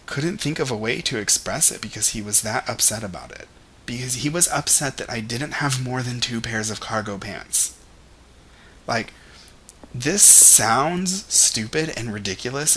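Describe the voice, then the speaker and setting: A man's voice: medium pitch, sharp tone, a little hiss or hum. A young man talking in a casual vlog monologue, rambling and candid, with lots of "like" and "you know". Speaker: vlogger.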